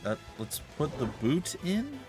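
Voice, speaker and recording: Lets play guy, joking around, lively up and down voice, teasing the monsters. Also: fairly high pitch, a little slow, over music. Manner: joking, chatty, talks to the enemies on screen. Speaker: let's play host. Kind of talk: casual gaming commentary.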